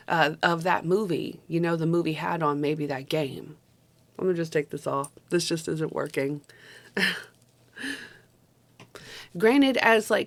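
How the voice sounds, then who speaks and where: Woman, young adult, lowish voice; casual vlog-style film reviewer, chatty, self-correcting. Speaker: movie reviewer.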